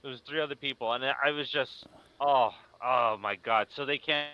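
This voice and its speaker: A podcast co-host with a medium-pitched voice speaks at normal speed with fairly even intonation, the recording muffled. During a casual chat about horror movies, he talks emphatically and explains his points at length.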